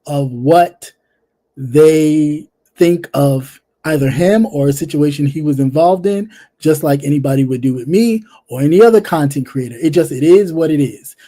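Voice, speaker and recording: A livestream commentary host talks straight to a viewer in a casual, blunt, sassy way, repeating phrases for emphasis. The warm, mellow voice sits at medium pitch and normal speed, with sentences often trailing off into quiet fillers.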